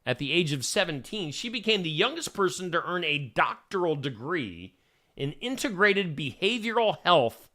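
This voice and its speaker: A man's voice: fairly high pitch, very animated, normal speed, sharp tone. A man hosting a morning radio show, reading odd news stories with joking asides in a chatty, casual manner.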